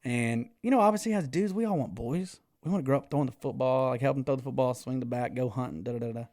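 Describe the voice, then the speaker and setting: A man's voice: mid-range voice, fast, no room sound, studio quality. Rowdy, laughing man swapping stories. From Texas. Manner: animated, swears freely, laughs often. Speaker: podcast guest. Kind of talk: casual storytelling.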